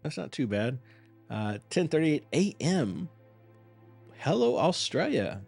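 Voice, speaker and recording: A man's voice: mid-range voice, expressive, a little slow, gravelly, darkish tone, breathy edge, soft background music. A man hosting a live reaction stream, chatting casually with viewers in a rambling, apologetic and self-mocking way.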